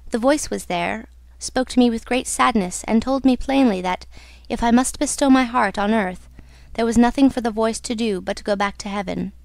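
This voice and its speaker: A woman's voice: fairly high pitch, moderate pace, vocal fry, no echo. A woman reading the part of a young woman singer, telling her love her story in an intimate, earnest way. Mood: wistful.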